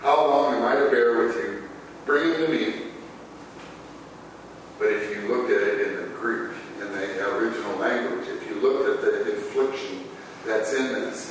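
A man's voice: mid-range voice, bright, forceful tone, slight background noise. Male pastor, easygoing preacher who acts out his quotes, recorded from a distance in a reverberant church. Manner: conversational preaching, acting out sighs and quotes. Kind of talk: sermon. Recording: echoey hall, voice from far off.

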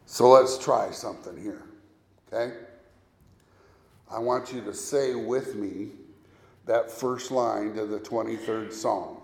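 A man preaching a sermon as a pastor, speaking deliberately and leading his listeners through recited scripture. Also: fairly low pitch, gravelly, a little mellow. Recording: echoey room.

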